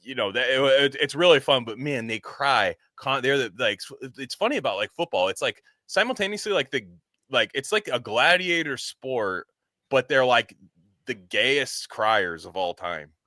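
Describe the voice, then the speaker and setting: A man's voice: medium pitch, moderate pace, no echo, clean studio sound. A man co-hosting a podcast in casual, swearing chat, often acting out impressions. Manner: animated, swearing, acts out impressions of coaches. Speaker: podcast co-host.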